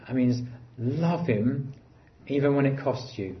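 A man delivers a sermon in an earnest voice of middle pitch. He lifts his voice for emphasis, then sinks to quiet, low phrases. The recording is a touch dull and muffled. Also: a little slow, hardly any pauses. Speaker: preacher.

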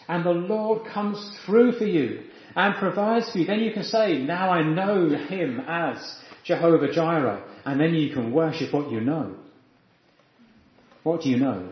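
A man preaching a sermon in an earnest, reflective teaching manner. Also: a little high. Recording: echoey, dull lo-fi room sound.

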